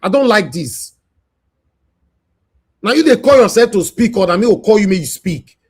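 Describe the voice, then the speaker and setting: A man with a Nigerian accent hosting a live stream, moderating a heated call and preaching peace, scolding and at times shouting. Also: high-pitched, sing-song, moderate pace, slightly rough.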